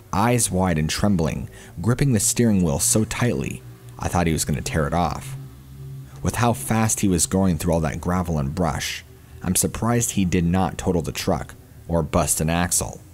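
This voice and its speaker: Deep-voiced man narrating a horror story. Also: darkish tone.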